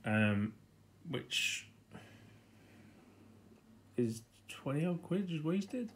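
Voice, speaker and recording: A British man hosting a board game unboxing, chatting casually and getting easily excited, laughing to himself. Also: on the high side, extremely slow, slight background noise.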